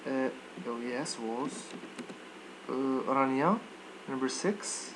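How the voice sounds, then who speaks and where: A man's voice: medium pitch, slow, background noise. A man teaching a live online English lesson, checking students' answers by name and modeling pronunciation.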